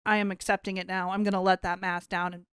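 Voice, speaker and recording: A woman's voice: mid-range voice, level tone, quick pace, smooth, no room sound, studio quality. A woman co-hosting a podcast who reacts to a TV episode in easygoing, reflective casual chat. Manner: easygoing, reflective, quotes her own reactions. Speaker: podcast co-host.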